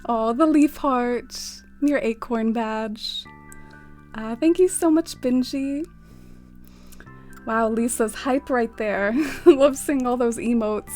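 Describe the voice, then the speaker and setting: A young woman live-streaming a game, talking casually and giggling with her chat. Her voice sits slightly high, her speech is sprinkled with "like", and faint music plays behind her. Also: slow pace, pauses often, darkish tone. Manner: bubbly, giggly, lots of "like".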